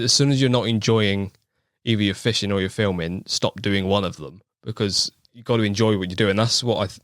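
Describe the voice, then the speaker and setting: A man's voice: fairly low pitch, fairly bright tone, dry recording, studio quality. A man with a West Country accent, a guest in a casual podcast chat, talking in an easygoing, thoughtful way and laughing often. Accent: West Country English. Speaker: podcast guest, angling video maker.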